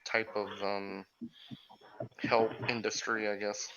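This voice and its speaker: A man's voice: on the low side, level tone, slow, pushed and bright, muffled recording, a little hiss or hum. A man in casual chat, hesitant and full of restarts. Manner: hesitant, lots of restarts and ums.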